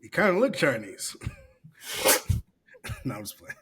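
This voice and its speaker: A man's voice: a little high, sing-song, measured pace, fairly bright tone, breathy edge. Laid-back profane podcast guy. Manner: loose, profane, laughing while reading aloud. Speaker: podcast co-host. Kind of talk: casual podcast chat.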